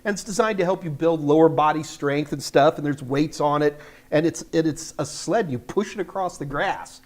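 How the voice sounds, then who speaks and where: Older us guy chatting on a tech livestream, kinda high voice, rambly, pokes fun at himself. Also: normal speed, darkish tone. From United States. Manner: rambling, chatty, self-deprecating. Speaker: host of a live tech Q&A. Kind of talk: casual livestream chat.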